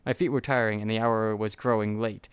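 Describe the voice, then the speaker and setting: A man reading a text adventure game aloud as a let's player, going quickly and often stumbling over words. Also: lowish voice, level tone, smooth, no room sound. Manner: reads quickly with frequent stumbles.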